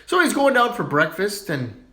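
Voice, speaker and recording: A man telling jokes in a loose, casual way, his slightly high voice swooping up and down as he builds to each punchline. He is animated and chuckles at his own gags. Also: normal speed, slightly rough. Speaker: joke teller.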